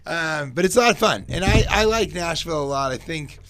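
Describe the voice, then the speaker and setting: A man guest comedian chatting in a casual radio interview, an animated storyteller who slips into quoted voices of people he meets. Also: fairly high pitch, fairly quick. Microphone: studio microphone.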